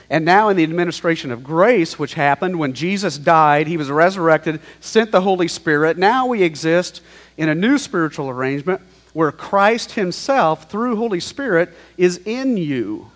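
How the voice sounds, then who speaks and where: A man preaching a sermon in a conversational, emphatic way, mixing scripture with slangy paraphrase. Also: sits high. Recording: long hall reverb.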